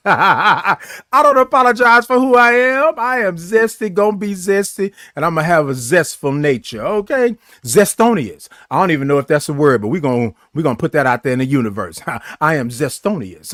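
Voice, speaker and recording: A man with a high, slightly bright voice hosts a morning livestream, reading viewer comments and chatting in a playful, flamboyant way while stretching out his greetings. The studio sound is clean with no echo.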